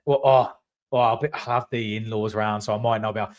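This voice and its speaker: A man co-hosting a football podcast, animated, acting out rivals' voices and swearing as he tells stories. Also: on the low side, fast talker. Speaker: podcast co-host. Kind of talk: casual football chat.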